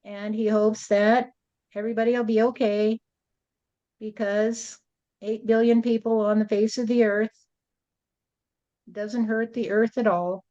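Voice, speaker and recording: A woman's voice: on the high side, level tone, measured pace, long pauses, warm tone, lo-fi sound. A woman channeling a spirit and speaking as God, blunt and lecturing, often adding "you see".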